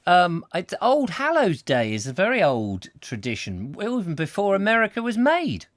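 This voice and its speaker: Brief: male live-show host, lively up-and-down pitch, thinks aloud, jokes a lot. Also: moderate pace. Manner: rambling, jokey, thinking aloud. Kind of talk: live comic chat show.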